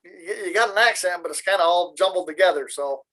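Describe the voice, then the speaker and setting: A man's voice: high voice, fast, pushed and bright, rough recording. A man from Michigan chatting casually on a video call, rambling and joking in an easygoing way. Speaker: meeting participant. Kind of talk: casual chat.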